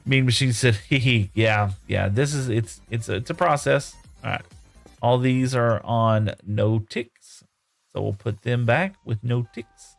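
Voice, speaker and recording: Chatty male game streamer over soft music. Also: mid-range voice, steady tone, a little slow, creaky. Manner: rambling, reads viewer chat aloud and chats back. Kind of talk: casual live-stream chat while playing. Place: home room.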